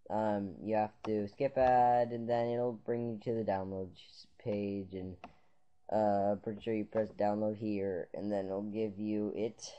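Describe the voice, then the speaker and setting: A man talking viewers through a computer tutorial in a loose, rambling way, full of "um"s, "uh"s and restarts. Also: on the low side. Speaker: tutorial maker. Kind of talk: casual screen-capture tutorial. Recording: dull lo-fi sound.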